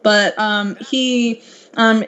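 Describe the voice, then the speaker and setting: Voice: medium pitch, steady tone, extremely slow, bright, forceful tone. A podcast guest explaining at length in casual chat, with a lecturing manner and frequent filler words. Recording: dull lo-fi audio.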